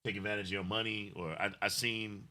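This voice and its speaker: A middle-aged man co-hosting a livestream in loose, rambling chat. His voice is very bright and forward. He gushes openly when he thanks viewers. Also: fairly low pitch, fairly even intonation, brisk. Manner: effusive, rambling, emotional thanks. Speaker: livestream co-host.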